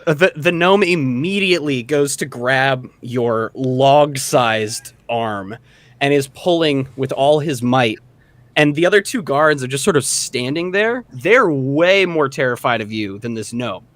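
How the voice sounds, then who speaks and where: A young man running a tabletop game as dungeon master, narrating in a relaxed way with many fillers. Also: medium pitch, measured pace, no room sound.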